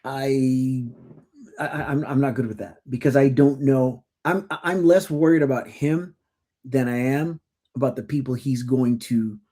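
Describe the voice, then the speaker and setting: A middle-aged man co-hosting a relaxed podcast, his voice dark and mellow. He tells stories casually, often restarting his sentences, and bursts into animated impressions of the people he quotes. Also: mid-range voice, unhurried. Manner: animated storytelling with acted-out quotes; stammering restarts. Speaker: podcast co-host. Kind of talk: casual conversation.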